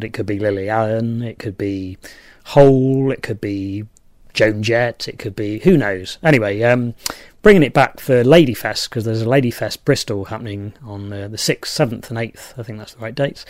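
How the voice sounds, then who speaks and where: A man's voice: fairly low pitch, normal speed, no room sound, clean studio sound. A man hosting a homemade podcast, rambling and self-deprecating, with plenty of fillers. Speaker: podcast host. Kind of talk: casual podcast chat.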